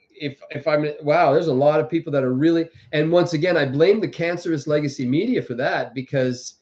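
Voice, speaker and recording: This man's mid-range, slightly mellow voice carries a loose, rambling stream of political commentary; he hosts the livestream casually, keeps restarting sentences, and mocks others by quoting them in exaggerated voices. The recording sounds dull and lo-fi.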